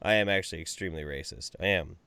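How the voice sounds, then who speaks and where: A man's voice: low-pitched, fast talker, vocal fry, bright, forceful tone, slight background noise. A man co-hosting a podcast who reads out viewer chat and makes crude mock confessions. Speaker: podcast co-host reading chat. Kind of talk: casual comedic chat.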